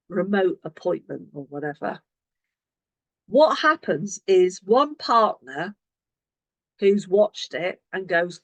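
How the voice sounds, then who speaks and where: Animated woman coaching a team. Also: on the low side, no echo. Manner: animated, acts out sample conversations. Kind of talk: online team coaching session.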